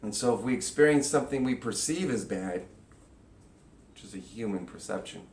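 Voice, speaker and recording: A man giving a casual spiritual teaching talk, animated and acting out inner voices with sudden loud, high bursts. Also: moderate pace, creaky, a little hiss or hum. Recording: echoey room.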